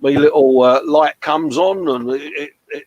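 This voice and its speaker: A man's voice: fairly high pitch, fairly even intonation, measured pace, darkish tone, no echo. Chatty British man, dry close sound. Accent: British English. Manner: chatty, jokey, says "mate" a lot. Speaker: livestream co-host. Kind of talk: casual chat reading viewer comments.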